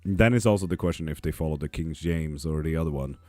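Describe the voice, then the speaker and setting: Male tarot streamer, very low mellow voice, sardonic and swearing, dry close sound. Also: quick pace, no room sound, faint music behind. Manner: profane, sarcastic, laughs often. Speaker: live tarot reader and stream host. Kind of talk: casual live-stream chat, reading comments aloud. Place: apartment.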